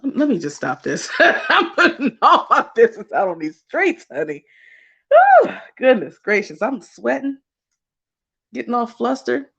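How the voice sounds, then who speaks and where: A woman's voice: a little high, sing-song, moderate pace, vocal fry, pushed and bright, husky, lo-fi sound. A woman hosting a casual livestream, talking directly to the people watching. Her delivery is chatty and gushing, and laughter keeps breaking into her speech. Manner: talks to chat viewers directly. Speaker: livestream host.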